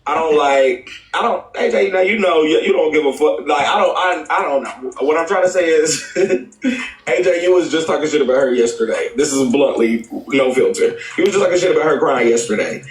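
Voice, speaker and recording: A blunt man rambles through his opinion in casual live-stream talk, restarting his sentences as he goes. His voice sits a little high. He sounds off-mic in an echoey room. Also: brisk, recorded from a distance. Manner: blunt, rambling, restarts often, laughs between points.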